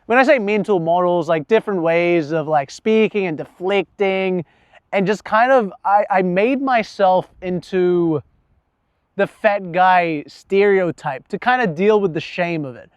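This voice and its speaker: Young guy with a high voice rambling about himself, swears a lot, dry close sound. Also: unhurried, clean tone, no echo, muffled recording. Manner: casual and profane, laughs at himself. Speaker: vlogger. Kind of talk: candid personal monologue.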